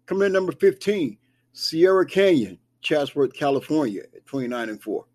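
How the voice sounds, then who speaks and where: A man's voice: fairly high pitch, big pitch swings, a little fast, darkish tone. A man hosting a casual sports talk show, reading down a rankings list with chatty asides. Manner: conversational, reads list with asides. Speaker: show host. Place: Kansas, near Wichita.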